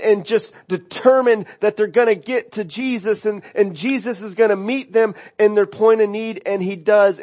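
A man's voice: high-pitched, a little mellow. A middle-aged man, a pastor, preaching an earnest sermon that often restarts phrases and rises to fervent cries.

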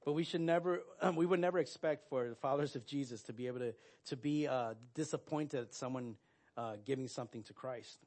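A man delivering a sermon in an earnest, direct way. His voice sits at an ordinary middle pitch. He often stops to restart a phrase or fills a gap with a quick "uh". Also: darkish tone. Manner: earnest, with frequent fillers and restarts. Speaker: pastor.

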